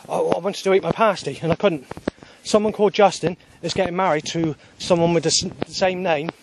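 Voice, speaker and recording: A man walking outdoors vlogs into a handheld camera that he holds himself, talking agitatedly and swearing heavily in a rambling video diary. His voice is on the high side, with a little hiss or hum on the recording.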